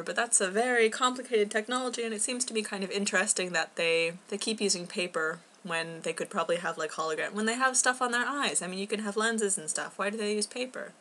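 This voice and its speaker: A woman's voice: medium pitch, a bit bright. A young woman chatting casually at home in a video blog, rambling and scattered with lots of ums. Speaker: book club vlogger.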